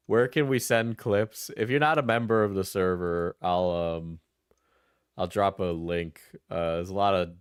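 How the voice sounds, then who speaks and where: A man's voice: medium pitch, smooth, no room sound, studio quality. A young man streaming clip reactions in casual chat, rambling and laughing often as he trails off mid-sentence.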